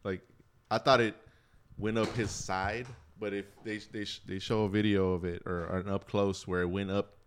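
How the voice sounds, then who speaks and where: Man, low voice, blunt and profane, casual podcast chat. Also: little pitch movement, normal speed, smooth. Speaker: podcast co-host.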